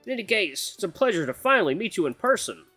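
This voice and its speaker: A man voicing a broad, genial male guildmaster in a put-on Russian accent, slow and stately. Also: sits high, big pitch swings, sharp tone, dry recording, faint music behind, pitched above the performer's own voice, heavily acted.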